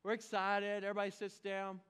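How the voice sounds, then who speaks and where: A man from Oklahoma, preaching a lively, storytelling sermon with sudden bursts of shouting. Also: high voice, a little fast, smooth. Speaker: pastor.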